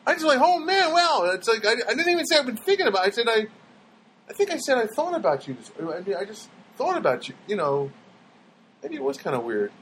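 A man's voice: high-pitched, very animated, fast, a bit bright, a little hiss or hum. A man telling meandering comic stories in a wry, self-mocking monologue, acting out the people he quotes.

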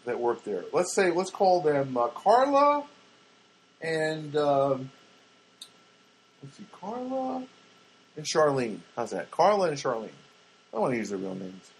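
A man's voice: on the high side, sing-song, measured pace, long pauses, husky, poor audio. A man hosting a podcast, telling rambling comic stories in a chatty, self-interrupting way full of asides. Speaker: podcast host. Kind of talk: rambling comic storytelling monologue.

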